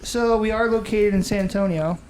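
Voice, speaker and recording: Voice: mid-range voice, a little fast, darkish tone, slight background noise. A podcast host chatting casually, rambling, joking and swearing freely. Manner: rambling, jokey, swears a lot. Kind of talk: casual chat.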